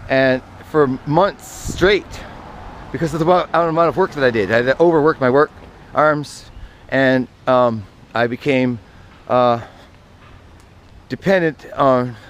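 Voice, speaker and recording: A man telling personal stories in a casual, meandering monologue, often correcting himself and drifting into asides. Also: medium pitch. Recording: outdoor traffic noise.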